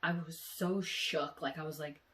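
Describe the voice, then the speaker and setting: Young woman vlogging her dream, talks casually with lots of "like", a bit teary and breathy. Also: sits low, fairly even intonation, unhurried. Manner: tearful and breathy, with sighs and quiet laughs; chatty, full of "like" fillers. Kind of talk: emotional dream diary vlog.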